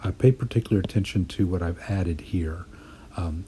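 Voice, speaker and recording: A man teaching poetry writing in a voice-over lesson, explaining his drafts in a thoughtful, measured way. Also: deep voice, dark tone, slight background noise.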